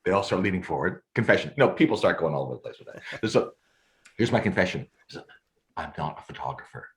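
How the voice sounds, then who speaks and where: Low-voiced animated man telling stories. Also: fast talker. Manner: lively, theatrical, laughs often, acts out scenes. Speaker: guest, storyteller and photographer. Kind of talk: animated storytelling.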